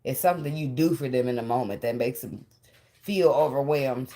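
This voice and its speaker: A woman with a low, deep voice reads tarot cards in a loose, casual way. She talks bluntly and swears freely, and she laughs often as she goes. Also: normal speed, mellow. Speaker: tarot reader.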